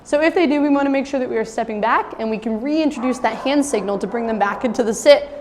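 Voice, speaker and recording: A young adult woman dog trainer giving an instructional demonstration, explaining calmly with occasional high-pitched praise for a puppy. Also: fast talker. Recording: long reverb with faint ambient noise.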